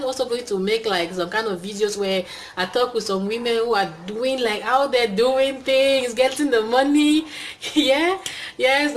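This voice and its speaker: A woman's voice: fairly high pitch, a little hiss or hum, rough recording. A young woman with a Cameroonian accent, chatting casually and upbeat to camera as the host of her channel, full of fillers. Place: indoors, talking to camera.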